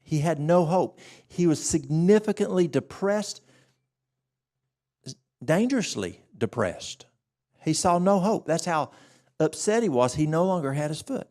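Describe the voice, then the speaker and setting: A man presenting a church health workshop, telling a story with animated acted-out dialogue. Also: a little high, unhurried, pauses often.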